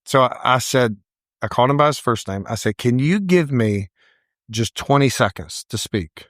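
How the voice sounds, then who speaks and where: A middle-aged man, a salon owner and podcast co-host, telling a story in casual chat, animated and acting out quoted voices. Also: medium pitch, normal speed, no echo, studio quality.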